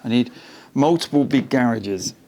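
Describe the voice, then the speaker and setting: Gravelly and mid-range at a moderate pace, the voice of a car restoration vlogger carries over a noisy background. Working in his home garage, he mutters to himself and the camera, wry, self-mocking and strained.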